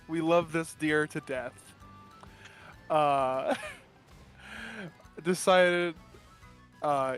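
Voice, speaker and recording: A man's voice: on the high side, fairly bright tone. A man telling a long casual story while gaming, rambling and laughing often. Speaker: gamer streaming with a co-host.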